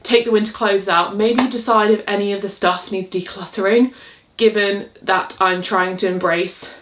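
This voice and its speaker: A woman's voice: medium pitch, fairly even intonation, normal speed, a bit bright, slight background noise. Chatty woman vlogging at home. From England. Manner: chatty, upbeat, rambling with frequent fillers and laughs. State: out of breath. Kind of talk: casual chat. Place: home, cottage.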